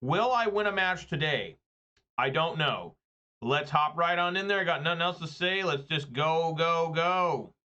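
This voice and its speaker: Bright-toned rambling man. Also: on the high side, unhurried, dull audio. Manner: rambling, joking, chatty. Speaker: gaming video creator. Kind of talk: casual gameplay commentary.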